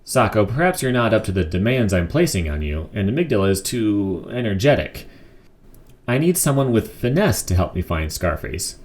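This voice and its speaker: A man reads as a fussy, mild-mannered villain from a comic book. He speaks in prim, formal phrases, in a lowish voice and at a brisk clip. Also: very animated, a little mellow. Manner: prim, overly polite phrasing.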